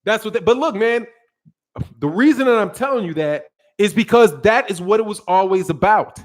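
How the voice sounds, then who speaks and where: A man's voice: sits high, expressive, moderate pace. A man hosting a boxing channel live stream, giving emphatic commentary, reading viewer chats and repeating his points for stress.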